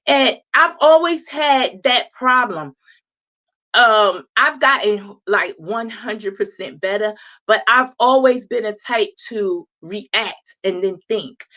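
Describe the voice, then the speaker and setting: A woman's voice: a little high, lively intonation, takes it slowly, bright, forceful tone. A woman in her thirties, hosting a show, tells a casual story with lots of laughter and acts out the voices of the people in it. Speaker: host.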